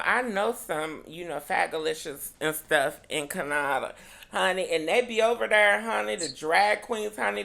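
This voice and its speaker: A woman's voice: low voice, vocal fry, fairly bright tone. A woman co-hosting a casual podcast, sassy and profane, calling everyone "honey" as she chats. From United States. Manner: sassy, says "honey" constantly, swears freely. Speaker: podcast co-host.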